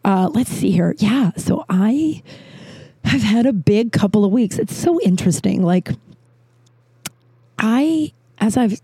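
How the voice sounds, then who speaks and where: A woman's voice: medium pitch, vocal fry, breathy edge, dry recording. A woman comedian telling a rambling story in casual talk, swearing often and acting out what people said. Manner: rambling, profane, animated with voiced quotes. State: out of breath. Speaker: comedian and podcast host.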